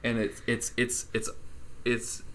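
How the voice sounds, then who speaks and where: A man's voice: medium pitch, completely flat delivery, takes it slowly, fairly bright tone. A man co-hosting a casual film chat, gushing with enthusiasm while his voice recovers from being lost. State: voice recovering from loss. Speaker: film podcast co-host.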